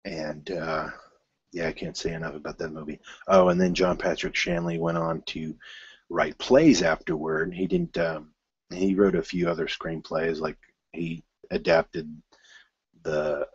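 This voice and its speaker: A man with a low, slightly husky voice hosts his own film news show. He rambles casually, stumbling over restarts and fillers, then breaks into bursts of excitement. The recording is dry and a little muffled. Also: unhurried, dry recording.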